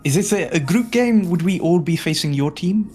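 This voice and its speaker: A man's voice: high-pitched, lively intonation, moderate pace, mellow, soft background music. A man playing a tabletop game, polite and tentative, asking questions. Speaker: player. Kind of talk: casual tabletop role-play.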